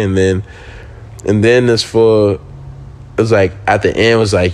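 A man's voice: on the low side, unhurried, long pauses. A young man, a pro skateboarder and podcast guest, telling a casual story with lots of swearing and acting out what he said back then. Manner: animated, profane, acts out his own quoted lines.

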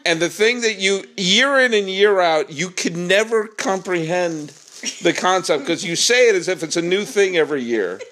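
A man co-hosting a podcast, chatting casually with a teasing, rambling manner and lots of halting restarts. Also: sits high, animated, fairly bright tone. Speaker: podcast co-host. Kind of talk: casual chat.

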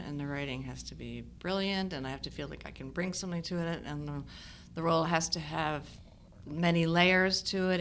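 A woman in her sixties, an actress guest in a casual interview, tells stories animatedly and laughs often. Her voice is low-pitched, with a slight hiss or hum.

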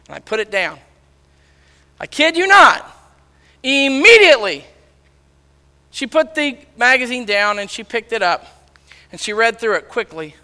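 A loud male preacher tells stories from the pulpit and acts out the dialogue. His voice is high, bright and smooth. It carries through a big hall with a long reverb. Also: sing-song, moderate pace. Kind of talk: sermon storytelling.

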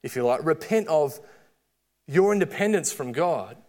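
A middle-aged man with an Australian accent preaching a sermon, with lively storytelling and quoted asides. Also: a little high, moderate pace.

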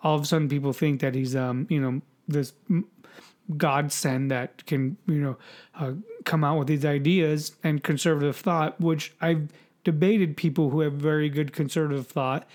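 A podcast co-host chats about politics in a casual, rambling manner, mocking and swearing as he repeats himself. He talks at a moderate pace in a slightly high, slightly mellow voice with fairly even intonation.

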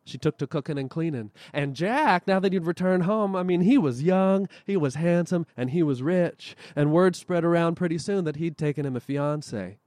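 A male storyteller telling a folk tale live at a festival, lively and expressive, with dramatic pauses. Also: fairly high pitch, no echo, clean studio sound.

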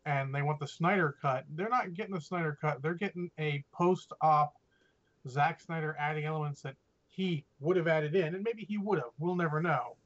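Opinionated, swearing male podcast co-host; slightly high voice, muffled lo-fi recording. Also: moderate pace. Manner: opinionated, profane, rambling. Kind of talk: casual chat. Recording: dull lo-fi audio.

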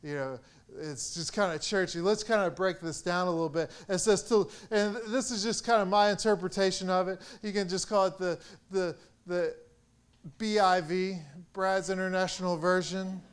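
A man's voice: high voice, fairly even intonation, moderate pace, smooth. A young man preaching a sermon as pastor, earnest and rising in force on key points.

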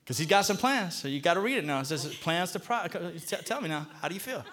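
A man's voice: sits high, fast. A male pastor preaching in church, coaxing the congregation to repeat scripture back to him. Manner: animated, coaxing audience to repeat lines. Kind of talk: call-and-response sermon.

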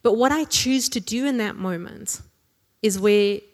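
A woman's voice: medium pitch, unhurried, a little mellow. A woman preaching a sermon in a chatty, conversational way, often tagging lines with a question and joking along the way. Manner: conversational, tag questions, jokey asides with laughs. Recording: long hall reverb.

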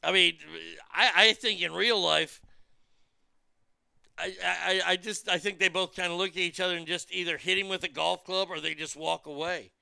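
Bright gravelly man ranting comically. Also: high voice, normal speed, no echo. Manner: profane, mocking, animated storytelling with stammered restarts. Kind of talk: comedic rant.

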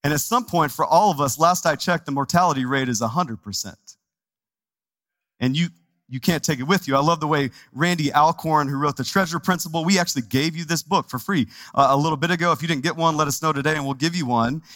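Texan pastor with a lively, higher voice. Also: male voice, fairly quick, no room sound. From Texas. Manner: conversational and animated, with asides to the congregation. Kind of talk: sermon. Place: church sanctuary.

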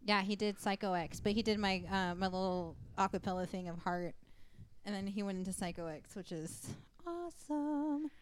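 A woman's voice: mid-range voice, moderate pace, a little hiss or hum. A young woman musician who also works at a radio station, chatting casually and laughing at herself. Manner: laughing, self-deprecating. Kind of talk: casual chat.

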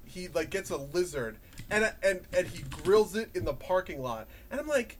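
A man in casual podcast chat, rambling and animated, laughing often and swearing. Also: high-pitched, normal speed, a little hiss or hum. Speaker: podcast co-host.

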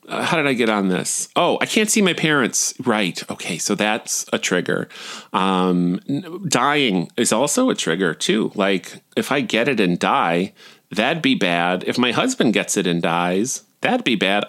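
A man's voice: on the low side, fairly bright tone. A middle-aged man hosting a podcast, telling rambling, self-deprecating stories in a casual monologue. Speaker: podcast host.

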